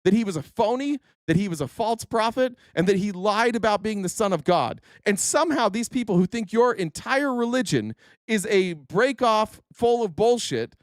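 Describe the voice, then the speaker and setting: A man's voice: sits high, expressive, moderate pace, no room sound, studio quality. A man hosting a political livestream, ranting in a heated, profane way and repeating himself. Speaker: political show host. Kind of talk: angry livestream rant.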